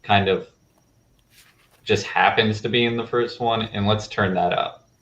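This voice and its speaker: A man hosting a casual film podcast, talking in a relaxed way with many fillers. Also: lowish voice, measured pace, highs cut off. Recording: echoey room.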